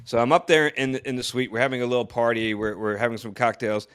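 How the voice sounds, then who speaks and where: A man in casual podcast chat, telling a long story with halting restarts and frequent laughter, acting out the other people he quotes. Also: medium pitch, smooth. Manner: animated storyteller who acts out quotes, laughs often; halting, with many restarts and fillers. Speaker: podcast co-host, former astronaut.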